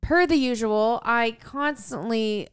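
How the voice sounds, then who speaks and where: Smooth-voiced woman telling a story. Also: fairly high pitch, takes it slowly. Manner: animated, acts out her own quotes. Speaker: podcast co-host. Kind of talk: casual chat, storytelling.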